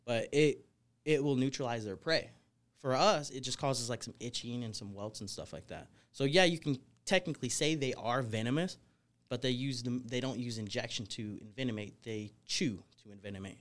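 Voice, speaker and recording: A snake wrangler guesting on a podcast, this young man has a mid-range voice and a moderate pace. He rambles energetically through his life story, leaning heavily on fillers such as "you know" and "like."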